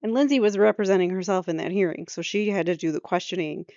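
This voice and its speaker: A woman's voice: on the low side, quick pace, darkish tone, no room sound, lo-fi sound. A woman host giving casual commentary, explaining what the clips show. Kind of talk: commentary over interview clips.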